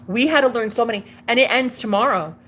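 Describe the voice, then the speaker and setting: A woman's voice: fairly high pitch, fast, a bit bright, slight background noise. Gushing, chatty young woman vlogger. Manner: gushing, chatty, calls listener girl and babe. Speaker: tarot reader and vlogger. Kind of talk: casual confessional monologue to camera.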